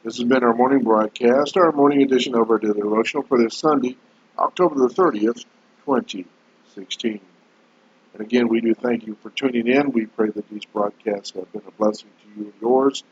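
A man, a pastor hosting a radio devotional sermon, speaking in a measured, earnest way and drawing out his words. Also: mid-range voice, breathy edge. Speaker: pastor and host. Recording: dull lo-fi broadcast audio.

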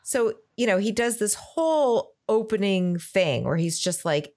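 A woman's voice: medium pitch, animated, measured pace, darkish tone. A woman co-hosting a podcast, chatting casually with dry, joking asides. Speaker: podcast co-host. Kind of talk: casual chat.

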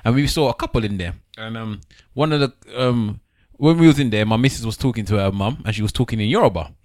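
A man telling an animated story in casual chat, pitching his voice up to act out the people in it. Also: quick pace, no echo, studio quality. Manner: animated storyteller, voice jumps up when acting out others.

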